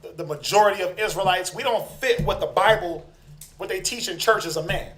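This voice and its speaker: Animated high-voiced man teaching scripture. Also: fairly quick. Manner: animated, acts out quoted people, calls for responses. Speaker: Bible class teacher. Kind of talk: interactive scripture class. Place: room with class members. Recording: echoey room.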